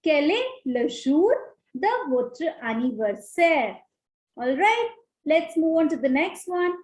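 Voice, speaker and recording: High-voiced woman teaching French grammar. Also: very animated, slow pace, darkish tone, echoey room, poor audio. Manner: patient, repeats points with frequent "okay". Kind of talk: online grammar lesson.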